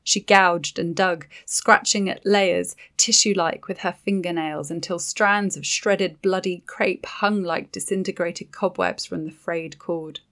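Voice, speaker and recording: Woman narrating dark fantasy. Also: on the low side, steady tone, measured pace, few pauses. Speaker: audiobook narrator.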